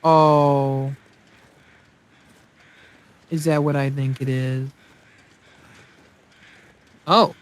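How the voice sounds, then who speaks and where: A man's voice: mid-range voice, flat delivery, extremely slow, pauses often, clear, resonant tone. A man hosting a let's play, giving casual gameplay commentary and rambling aloud as he thinks, often mocking himself.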